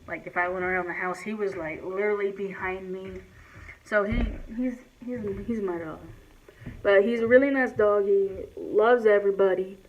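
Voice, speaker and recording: Slow-talking young woman vlogger, rambling. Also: mid-range voice. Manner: rambling, full of "like" and restarts; talks loud. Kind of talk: casual talk to camera. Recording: dull lo-fi sound with faint hiss.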